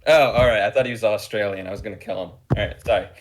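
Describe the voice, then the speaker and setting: A man playing in a tabletop game, teasing the others in a loud, exclamatory way. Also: lowish voice, racing, background noise. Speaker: player. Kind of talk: casual chat.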